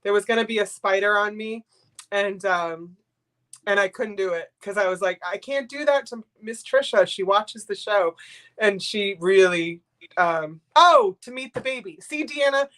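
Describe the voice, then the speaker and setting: A woman's voice: mid-range voice, moderate pace, fairly bright tone. Sniffly, gushing older woman host. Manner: rambling, gushing, emotional. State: sniffly from crying. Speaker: livestream host. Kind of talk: casual live-stream chat.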